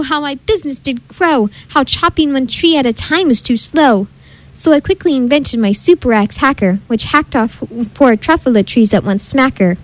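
A woman's voice: high-pitched, low-quality recording. A woman reading a rhyming storybook aloud with a rhythmic, sing-song delivery. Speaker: reader. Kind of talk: storybook read-aloud in rhyme.

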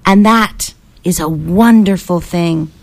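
A woman voicing a gentle old male composer in a read-aloud storybook, speaking tenderly and crying out in disbelief. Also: on the low side, slow pace, vocal fry, heavily acted.

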